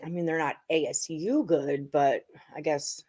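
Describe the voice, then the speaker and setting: A woman's voice: deep voice, fairly even intonation, a little slow, warm tone. A young woman hosting a casual sports betting live stream, chatty and joking as she talks picks and reads comments. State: out of breath. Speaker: sports betting show host.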